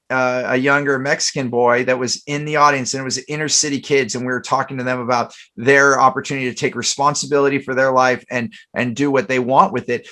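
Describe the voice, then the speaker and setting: A man's voice: mid-range voice, sharp tone. A man hosting a casual podcast chat, telling stories in a rambling way with many fillers and restarts. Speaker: podcast host.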